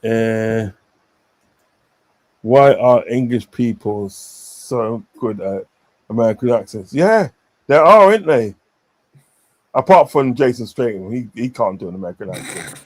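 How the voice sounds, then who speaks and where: A man's voice: mid-range voice, animated, normal speed, darkish tone. A man chatting casually on a stream, rambling with many fillers and repeated phrases. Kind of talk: casual chat.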